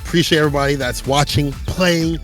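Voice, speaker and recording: Brief: American male caster, high bright lively voice, hype slang banter. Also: fast talker, soft background music. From United States. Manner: hyped, joking banter with slang. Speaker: esports commentator. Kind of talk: casual esports commentary.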